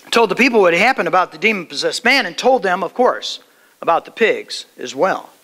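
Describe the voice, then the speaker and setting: A man pastor preaching a sermon, retelling a scripture story with dramatic storytelling and sudden drops to a hush. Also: high voice.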